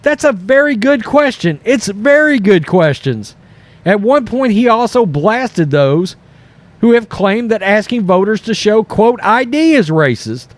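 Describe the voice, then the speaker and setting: A man hosting political commentary over news clips, animated and mocking, often mimicking the people he quotes. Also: high-pitched, unhurried, no room sound. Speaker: commentary host.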